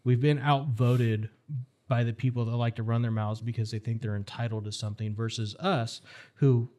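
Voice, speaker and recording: Warm in tone and mid-range in pitch, this middle-aged man talks at normal speed with fairly even intonation. As a firearms instructor guest on a casual podcast, he is blunt and animated, steering his stories toward rallying calls.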